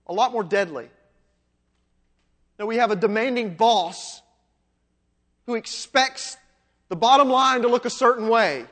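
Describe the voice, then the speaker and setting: A man with a notably high voice delivers a sermon as a pastor, speaking conversationally and asking his listeners question after question. His voice rings out with a long reverb, as if in a large church sanctuary. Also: fairly bright tone. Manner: conversational preaching with rhetorical questions.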